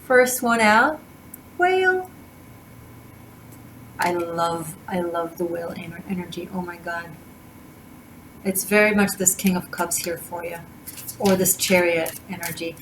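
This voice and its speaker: A tarot reader with a slightly low voice talks in a gushing, wandering way, often breaking off and restarting her sentences. A faint noise sits behind her voice. She speaks casually and warmly, straight to her viewers. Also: steady tone, normal speed. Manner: gushing, rambling with many restarts and fillers. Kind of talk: casual spiritual reading to camera.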